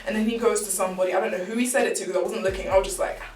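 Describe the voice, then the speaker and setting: A woman's voice: medium pitch, racing. Young woman telling a story. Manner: animated, candid, slangy. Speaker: vlogger. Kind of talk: casual storytime narration. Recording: roomy, distant mic, faint background music.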